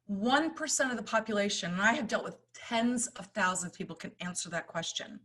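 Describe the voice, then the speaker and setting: A middle-aged woman giving an impassioned motivational talk, swinging between loud urging and hushed storytelling. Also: mid-range voice, animated, fairly quick. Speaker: summit speaker.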